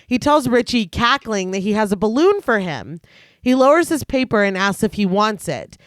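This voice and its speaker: Brief: woman podcast co-host, recap narration with laughs, mid pitch, dry close mic. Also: big pitch swings, moderate pace, no echo. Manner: reads plot summary then jokes and laughs. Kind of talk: casual horror podcast chat with scripted recap.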